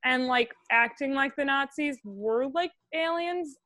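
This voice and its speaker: High-voiced, opinionated woman co-host. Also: unhurried, bright, forceful tone, dry recording, studio quality. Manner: opinionated, frequent "like" fillers, sardonic. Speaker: podcast co-host. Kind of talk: casual chat.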